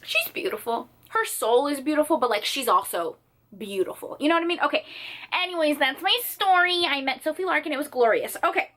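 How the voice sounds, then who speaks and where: A woman's voice: sits high, lively intonation, fairly quick, a bit bright. A young woman chatting in a bubbly, gushing way for her book haul vlog, telling dramatic stories from her room. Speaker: book vlogger. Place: sitting on the floor of her room.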